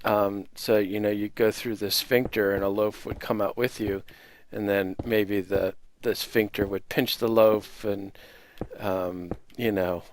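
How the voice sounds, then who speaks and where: A man's voice: lowish voice, fairly even intonation, measured pace, slight background noise. An American man hosting a casual Minecraft video, rambling with many fillers and self-deprecating asides. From United States. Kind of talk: casual gameplay commentary.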